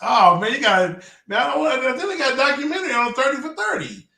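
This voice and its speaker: A man's voice: extremely high pitch, lively intonation, fast talker, vocal fry, pushed and bright. A man in his forties co-hosting a casual sports show. He tells loose stories with joking asides. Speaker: podcast co-host. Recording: echoey room.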